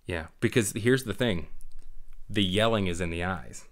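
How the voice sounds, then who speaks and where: A man's voice: low-pitched, moderate pace. A middle-aged man, a former Marine, chatting casually on a podcast, acting out voices and laughing as he tells stories. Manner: animated storyteller, acts out voices, laughs often. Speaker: guest, former Marine drill instructor talking about fatherhood.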